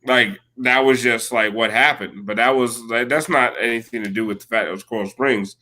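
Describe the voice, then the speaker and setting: This podcast co-host is a thirties-aged man with a bright, forceful, mid-range voice, fairly even intonation, and normal speed. In casual chat he wanders through stories, packing in "like" and plenty of profanity.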